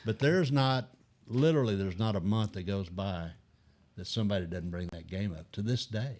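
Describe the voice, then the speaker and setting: An older man telling animated anecdotes as a guest in a casual chat, acting out other people's lines. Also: fairly low pitch, normal speed.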